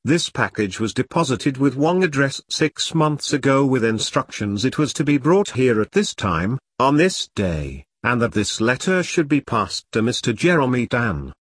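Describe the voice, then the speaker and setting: A man doing a brisk businesswoman with a Chinese accent. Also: medium pitch, sing-song, slightly rough, dry recording, studio quality. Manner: businesslike, loud. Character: brisk, weary businesswoman courier.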